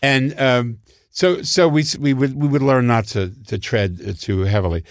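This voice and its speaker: An older comedy writer tells anecdotes animatedly, acting out voices and laughing a lot. His voice is mid-range at normal speed, recorded at studio quality with no room sound.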